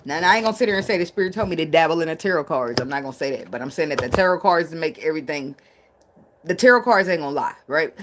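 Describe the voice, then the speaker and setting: A woman's voice: sits low, lively intonation, very fast, background noise. A woman giving a casual livestream tarot reading, blunt and profane, often breaking into laughs. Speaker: tarot reader.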